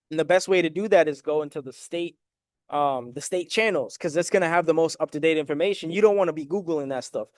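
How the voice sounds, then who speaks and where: On the high side with a darkish tone, the man's voice comes through studio-quality audio with no room sound. He gives a direct, emphatic walkthrough of debt collection letters, checking in with viewers he addresses as "guys" and frequently saying "right?".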